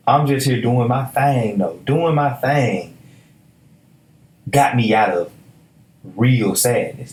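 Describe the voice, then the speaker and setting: A man's voice: on the low side, a little mellow. A young man, hosting a solo motivational podcast in an emphatic, preachy, casual way with stammered restarts. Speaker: podcast host. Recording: echoey room.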